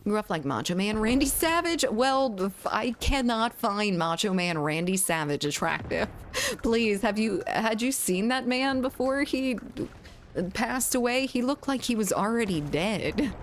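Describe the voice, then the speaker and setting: A woman's voice: fairly high pitch, expressive, unhurried, a little hiss or hum. A woman with a Southern US accent streaming a game, chatting playfully and reading chat aloud. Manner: chatty and playful, with frequent laughs. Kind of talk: casual chat while gaming, reading chat aloud.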